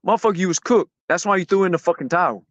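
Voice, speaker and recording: A man hosting a podcast, ranting about basketball in a loud, profane, mocking way, repeating himself often. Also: sits high, fast, no echo, lo-fi sound. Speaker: podcast host. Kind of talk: heated podcast sports talk.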